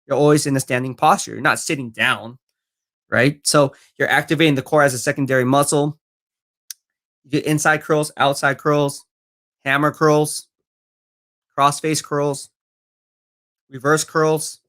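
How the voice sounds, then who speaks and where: A man's voice: a little high, flat delivery, measured pace, long pauses, fairly bright tone. A man live-streaming football talk, reading viewer comments and answering them in a confident, chatty way. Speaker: sports streamer.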